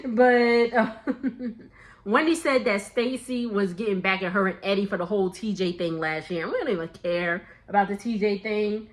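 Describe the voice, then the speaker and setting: A woman's voice: mid-range voice, moderate pace. A young woman chatting through a casual gossip recap, laughing often and quoting people in playful voices. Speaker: reality TV recap vlogger.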